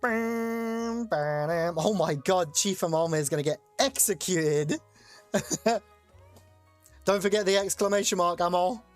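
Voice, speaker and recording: A streamer hosting a chat-voted game live, excitable and loose, swearing casually while explaining the rules. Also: mid-range voice, measured pace, long pauses, faint music behind.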